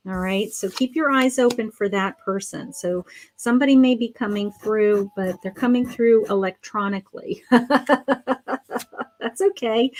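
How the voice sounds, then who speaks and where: Chatty woman reading tarot cards live. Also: medium pitch. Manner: chatty, affectionate, calls viewers sweetheart and honey; thinks aloud with many ums and restarts. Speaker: psychic tarot reader.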